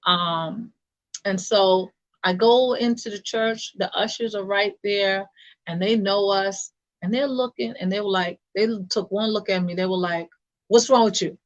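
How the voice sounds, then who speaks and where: A woman who serves as a church deacon tells a personal story, pausing often and circling back with fillers and restarts. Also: medium pitch, fairly even intonation, lo-fi sound. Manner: halting, with many fillers and restarts.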